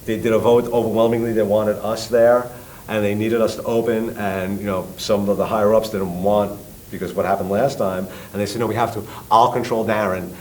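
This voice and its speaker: A middle-aged man with a New York accent tells his story in an animated way, jumping into loud voices for the people he quotes and swearing freely. His voice sits fairly low. A faint rumbling noise runs under the recording. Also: brisk, poor audio. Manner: lively, acts out quotes loudly, swears. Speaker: guest, tribute band singer.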